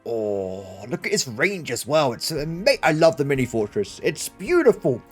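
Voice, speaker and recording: A man giving excitable game commentary, talking to himself and his viewers as he plays. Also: medium pitch, moderate pace, faint music behind. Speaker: gaming channel host.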